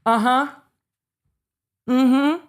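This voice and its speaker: A woman's voice: high-pitched, steady tone, extremely slow, smooth. A woman hosting a live trial-commentary stream, blunt and sarcastic, swearing freely. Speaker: legal commentator host.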